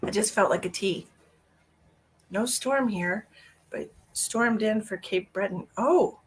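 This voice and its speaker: A woman's voice: mid-range voice, slow pace, husky. Chatty woman hosting a live stream. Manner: chatty, greets viewers by name, rambling asides. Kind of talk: casual live-stream chat.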